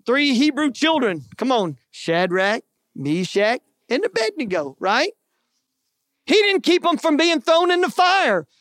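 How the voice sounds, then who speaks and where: A man's voice: extremely high pitch, big pitch swings, measured pace, fairly bright tone, no room sound, studio quality. A man preaching a sermon in a folksy, conversational way, often tossing in "man" and "right?". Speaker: pastor.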